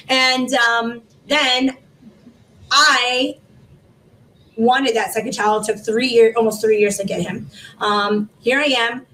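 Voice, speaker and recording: A woman in her forties, a foundation founder telling her story in an interview, animated and rambling, with many fillers. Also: fairly high pitch, slow pace, long pauses. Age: 40s. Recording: distant mic with faint background noise.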